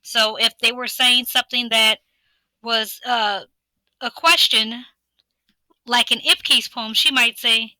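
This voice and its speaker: A woman teacher talks through a lesson slide in a very bright, slightly high voice. She poses one question after another in an even, instructive rhythm. The sound is close and dry, with no room around it. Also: slow pace, dry recording, poor audio.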